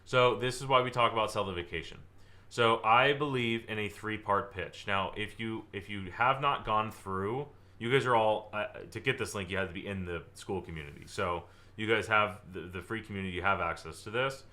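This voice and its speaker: Lively young male sales trainer, bright tone, likes to exaggerate. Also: fairly low pitch, normal speed. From Southern California. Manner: energetic, acts out client dialogue, exaggerates for effect. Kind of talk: live online training presentation.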